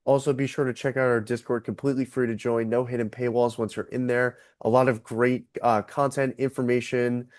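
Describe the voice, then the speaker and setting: A man co-hosting a golf betting podcast, talking casually and relaxed with fillers. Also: medium pitch, fairly quick, hardly any pauses, dry recording, clean studio sound. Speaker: podcast co-host.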